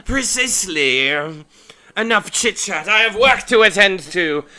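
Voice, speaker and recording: A man voicing a pompous male plant robot villain who makes grandiose, menacing taunts in a loud, bright voice. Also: sits high, lively intonation, unhurried, voice pushed up, heavily acted. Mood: gloating.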